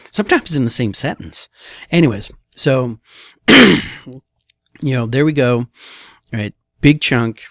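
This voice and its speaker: A man, a real estate broker, talks through market slides in a blunt, conversational way and keeps checking in with "all right" and "okay." His voice sits at an ordinary middle pitch and sounds dry and close, with no room echo. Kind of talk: casual commentary on market articles and slides.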